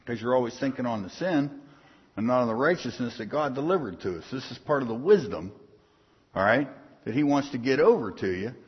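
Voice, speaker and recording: A man delivers a casual, punchy sermon in a husky voice, swinging widely in pitch as he presses his points. He keeps checking in with the congregation in a plain-spoken, folksy way. The sound is dull and lo-fi, with a long reverb trailing through a hall. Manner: folksy, punchy, keeps asking the crowd "are you hearing me". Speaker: pastor.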